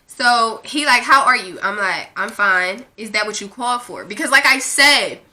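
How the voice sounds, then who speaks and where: A young woman, casually telling a dating story to her viewers, sassy and animated, swearing freely and reading out text messages. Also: on the high side.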